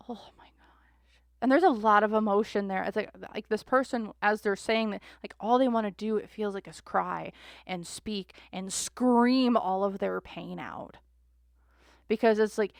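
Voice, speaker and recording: A woman's voice: mid-range voice, moderate pace, creaky, no room sound, clean studio sound. A young woman, reading tarot cards casually to camera and acting out imagined quotes with casual swearing. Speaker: tarot reader.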